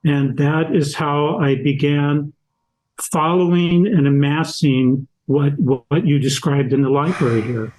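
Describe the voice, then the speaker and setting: An older man with a slightly raised voice tells stories at an unhurried, measured pace. He speaks as a podcast guest and author, and each anecdote is laid out step by step. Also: on the high side, steady tone, a little mellow, low-quality recording. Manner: slow, deliberate anecdotal storyteller. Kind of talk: storytelling in an interview.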